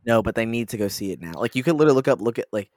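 A young man co-hosting a casual online chat, quick to argue and excitable. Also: medium pitch, dry recording, clean studio sound. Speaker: podcast co-host. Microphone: online call, separate audio feeds.

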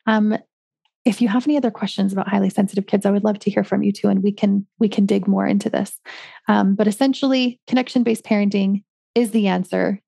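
Chatty woman podcast host with vocal fry. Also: medium pitch, fairly even intonation, a little fast, mellow, no echo, studio quality. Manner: chatty, many ums and likes. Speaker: podcast host, parenting coach. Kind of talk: solo podcast talk.

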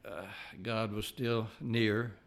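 An older man giving an earnest personal testimony, halting and restarting as he talks. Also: on the low side, steady tone. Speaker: layman giving a faith testimony.

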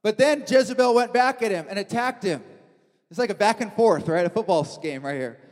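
A man's voice: high-pitched, fairly quick. A man preaching a sermon in a church hall, telling the story with animation and acting out the quotes.

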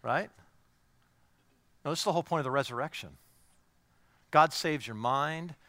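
Bright-voiced male preacher, hushed to fervent. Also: on the high side, normal speed, dry recording. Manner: swings from hushed, near-whispered intimacy to raised, emphatic preaching; asks the congregation direct questions. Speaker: pastor. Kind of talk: sermon.

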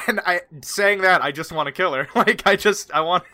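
A player describing their character's actions in a tabletop game, animated and laughing often. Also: mid-range voice. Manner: animated, laughing, drawn-out speech. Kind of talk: casual tabletop role-play.

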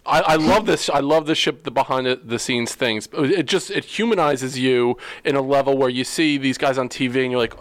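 A man's voice: medium pitch, normal speed, few pauses, a bit bright, no echo, low-quality recording. A man hosting a casual interview who reacts with enthusiasm and asks friendly questions. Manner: enthusiastic, laughs easily. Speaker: podcast host.

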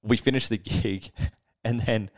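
A man with a fairly low voice, co-hosting a podcast. He tells a road story in loose, animated chat. He laughs a lot and swears without a second thought. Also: unhurried. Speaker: podcast co-host, band musician.

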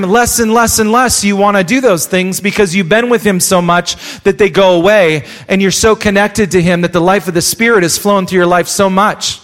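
With a high, slightly bright voice, a man preaches live as pastor in a church, driving his points home by repeating phrases. The sanctuary gives the recording a long, echoing hall reverb.

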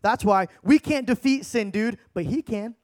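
A man telling a story as an evangelist in an energetic sermon, talking casually with lots of dude and bro and swinging between hushed and loud. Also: high-pitched, moderate pace, no room sound, studio quality. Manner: casual slang-heavy, calls listeners dude and bro.

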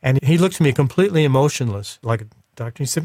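A man's voice: medium pitch, expressive, fast, few pauses, darkish tone, no echo, clean studio sound. Man telling a personal story. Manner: emotional, reflective. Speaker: interview guest.

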